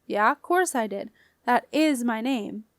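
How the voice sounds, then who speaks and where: A woman's voice: on the high side, expressive, slow pace, no room sound, clean studio sound. A woman voicing a sulky, defiant teenage boy who whines in a raised voice.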